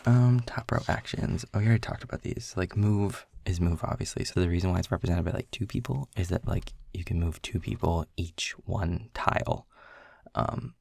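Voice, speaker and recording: A man's voice: low voice, moderate pace, gravelly, a little mellow, slight background noise. A young man in a casual boyfriend role-play, rambling through game rules with lots of filler words. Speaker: audio role-play creator.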